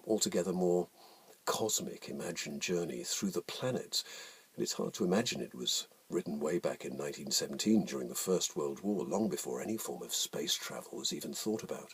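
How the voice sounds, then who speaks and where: A man, an actor hosting a spoken lesson on verse and reading poetry in a measured, explanatory way. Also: very deep voice, breathy edge. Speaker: actor and host.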